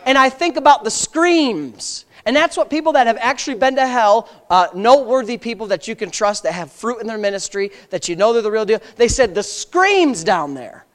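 A man preaching an urgent church sermon, his voice rising high and loud to press rhetorical questions on the congregation, then dropping low and quiet to tell a story. He repeats key lines for weight. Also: animated, moderate pace, few pauses.

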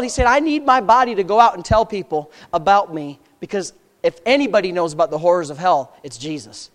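A man preaching an urgent church sermon, his voice rising high and loud to press rhetorical questions on the congregation, then dropping low and quiet to tell a story. He repeats key lines for weight. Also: animated, a little fast, few pauses.

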